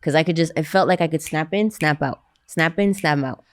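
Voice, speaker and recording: Low-voiced Canadian woman, candid guest. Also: a little fast. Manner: loose and candid, swears freely, laughs often. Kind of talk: casual chat.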